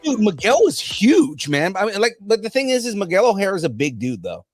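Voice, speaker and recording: Excited man hosting a pop-culture podcast. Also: high voice, fast talker, no room sound, studio quality, faint music behind. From grew up Latino in the US. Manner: excited, hypes reactions. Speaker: podcast co-host. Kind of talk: casual pop-culture chat.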